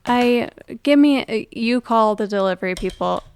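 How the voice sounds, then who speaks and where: A woman co-hosting a podcast in casual chat, soft-spoken and laughing often. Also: fairly high pitch, moderate pace. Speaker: podcast co-host.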